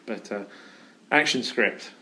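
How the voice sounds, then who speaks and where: A man's voice: on the low side, slow, sharp tone, a little hiss or hum. A man hosting a casual podcast chat in an office, telling a rambling story with plenty of fillers. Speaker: podcast host.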